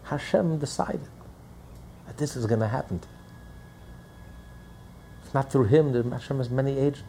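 A man's voice: medium pitch, normal speed, mellow, slight background noise. A man teaching a Torah class as a rabbi, preaching with rhetorical questions and acting out the voices he quotes.

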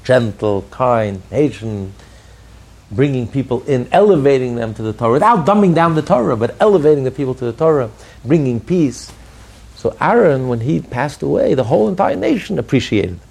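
A man's voice: mid-range voice, animated, normal speed, vocal fry, darkish tone, breathy edge. A man teaching a Torah lesson as a rabbi who builds his points through repeated, emphatic phrases. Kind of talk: Torah lecture.

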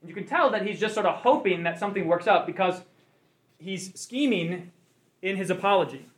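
A man's voice: high-pitched, animated, a little fast. A man leading a Bible study group, teaching conversationally and asking the class questions.

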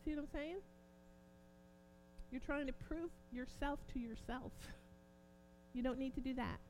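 A woman preaching an informal sermon, growing impassioned and forceful at points. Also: high voice, a little slow, a little hiss or hum. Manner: impassioned, rising to near-shouting emphasis.

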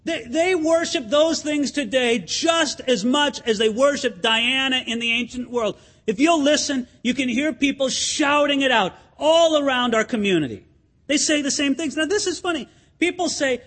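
A man with a strikingly high voice preaches a sermon. He keeps the congregation with him through emphatic rhetorical questions, and now and then he acts out the chants and the words of a crowd. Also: normal speed, a bit bright. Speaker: pastor.

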